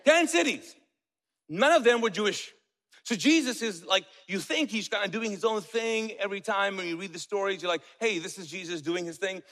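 High-voiced preacher in an echoing hall. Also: male voice, normal speed. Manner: lively, asks the congregation questions, joking asides. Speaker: pastor. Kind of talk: sermon. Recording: long reverb of a church hall.

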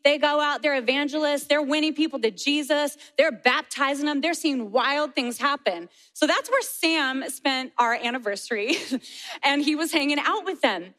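A woman in her forties preaching a sermon and telling a family story in an animated way, laughing often. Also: high-pitched, moderate pace. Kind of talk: sermon testimony.

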